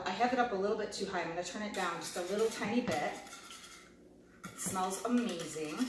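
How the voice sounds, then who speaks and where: A woman chatting casually to viewers while she cooks at home, tasting food and walking through a recipe. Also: medium pitch. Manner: talkative, talks while cooking and tasting food. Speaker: home cooking vlogger. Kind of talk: chatty cooking demo. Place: home kitchen. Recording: echoey kitchen, mic a bit far off, clear background noise.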